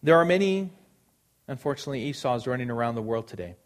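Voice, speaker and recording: A man's voice: medium pitch, expressive, quick pace. A man preaching a sermon, earnest and emphatic, repeating phrases for stress.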